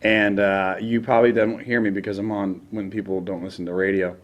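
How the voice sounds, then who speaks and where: A man's voice: on the low side, level tone, fairly quick. Rambling young man telling a story. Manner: rambling, self-deprecating, acts out quoted voices. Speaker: late-night radio DJ, podcast guest. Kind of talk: casual anecdote telling.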